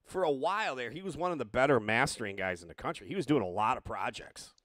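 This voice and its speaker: A man hosting a casual interview, rambling and halting, self-deprecating. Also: medium pitch, animated, fairly bright tone, no room sound. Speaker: host, drummer.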